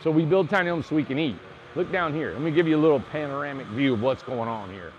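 Chatty male builder, fairly high voice. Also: fast, lo-fi sound, a little hiss or hum. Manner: chatty, joking, explains step by step. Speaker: tiny home builder teaching on camera. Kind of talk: casual hands-on tutorial. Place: indoor tiny home build shop. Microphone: clip-on mic.

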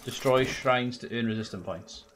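A man's voice: medium pitch, moderate pace, fairly bright tone, a little hiss or hum. A young man streaming a video game, joking, swearing and chatting to his viewers. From Wales. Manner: sweary, joking, talks to chat. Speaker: gaming streamer. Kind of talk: casual let's-play commentary.

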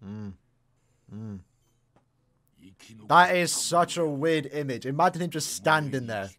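A young man hosting an anime reaction, casual and slangy, breaking into excited exclamations and shouts. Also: a little high, slow. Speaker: anime reaction channel host.

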